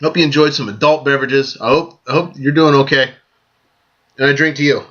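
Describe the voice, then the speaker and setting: A man hosting a casual vlog, giving friendly, joking birthday shout-outs to friends and often repeating himself as he goes. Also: mid-range voice, steady tone, fairly quick. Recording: dull lo-fi sound.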